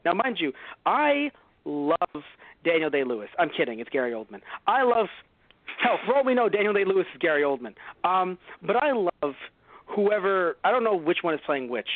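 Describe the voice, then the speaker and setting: A man co-hosting a casual movie review podcast, rambling and joking, slipping into quick impressions. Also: sits high, big pitch swings, dry recording. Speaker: podcast co-host. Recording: phone-like lo-fi dry sound.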